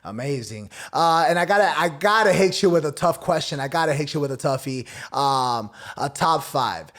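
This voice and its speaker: A man with a somewhat high voice hosts a casual podcast interview. He talks like a showman, piling on hype and playful slang. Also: expressive, normal speed, a bit bright. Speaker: podcast host.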